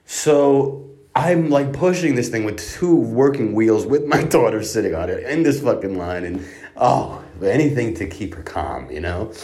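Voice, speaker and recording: A man's voice: mid-range voice, animated, measured pace, a little mellow. A man telling a profane comic story in an exasperated, ranting way, with heavy swearing. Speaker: comedic storyteller.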